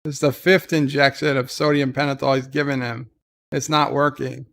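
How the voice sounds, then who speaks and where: A man's voice: medium pitch, little pitch movement, normal speed, gravelly, fairly bright tone. A man hosting a casual live watch-along, retelling the scenes loosely with many "uh" and "like" fillers and answering viewer chat in passing. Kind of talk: casual live episode commentary.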